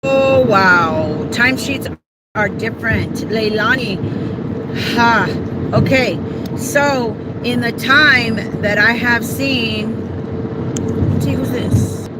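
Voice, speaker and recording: Chatty woman livestreaming over loud traffic. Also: fairly high pitch. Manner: chatty, rambling, self-deprecating, quick to laugh. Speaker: caregiver answering viewer questions on a livestream. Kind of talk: casual livestream chat.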